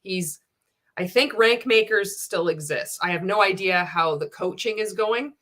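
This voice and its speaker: A woman's voice: mid-range voice, unhurried. A woman hosting a candid reaction video, reading out viewer comments and giving blunt, sarcastic commentary full of swearing. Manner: animated and indignant.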